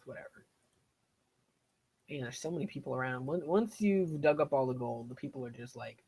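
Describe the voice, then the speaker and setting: A man's voice: mid-range voice, moderate pace, pauses often, darkish tone, husky. A young man chatting casually during a live game stream, rambling and self-deprecating as he plays. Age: young adult. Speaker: gaming streamer. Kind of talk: casual live-stream commentary while playing.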